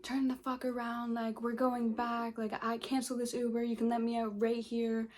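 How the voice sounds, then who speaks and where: A woman's voice: a little high, completely flat delivery, normal speed, a little mellow, pitched above the performer's own voice, natural voice. A woman voicing her drunk, rude young female friend, whiny and demanding.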